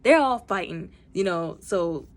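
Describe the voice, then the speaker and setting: A woman's voice: lowish voice, lively intonation, measured pace. A woman giving a casual movie recap, chatty and informal, full of fillers and acted-out lines. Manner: chatty, many fillers, acts out characters' lines; informal speech with y'all. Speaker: movie reviewer.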